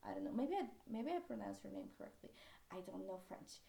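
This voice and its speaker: A woman's voice: medium pitch, expressive, quick pace, gravelly, warm tone. A young woman from Norway with a Norwegian accent, chatting casually about a book with frequent sidetracks and fillers. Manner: rambling, sidetracks often, many fillers. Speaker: book vlogger. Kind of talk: casual chat. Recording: echoey room.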